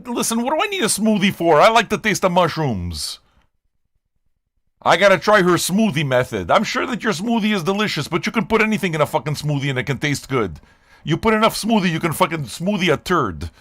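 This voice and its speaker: With a fairly high, somewhat bright voice, the older Canadian man talks casually to his stream. As a music reaction streamer, he rambles, curses, and kids around with his chat.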